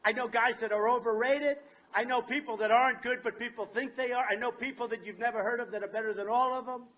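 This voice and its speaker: A man giving a campaign rally speech at an outdoor fair, boastful and repetitive, often shouting his points. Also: extremely high pitch, steady tone, fast. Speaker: political candidate.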